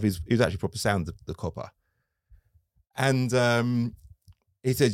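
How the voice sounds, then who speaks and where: A man's voice: medium pitch, brisk, pauses often, darkish tone, no room sound, clean studio sound. A man, a car dealer guest telling stories in casual interview chat, acting out his own quotes. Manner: chatty storytelling, acts out his own quotes.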